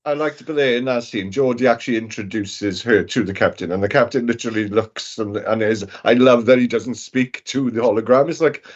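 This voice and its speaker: A man chatting casually on a podcast, relaxed and laughing along. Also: mid-range voice, a little fast, few pauses, lo-fi sound. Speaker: podcast co-host. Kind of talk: casual chat.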